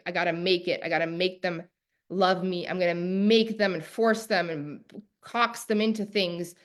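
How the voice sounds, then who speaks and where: A woman coach teaching a live online masterclass in an emphatic, preacher-like cadence, repeating key phrases and talking straight to her viewers. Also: on the low side. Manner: talks directly to viewers.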